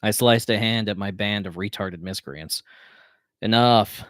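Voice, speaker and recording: A man reads his own novel aloud in a plain, steady way. His voice sits on the low side. The recording is dry and close, with no room sound. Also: moderate pace, dry recording. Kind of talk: audiobook-style reading aloud.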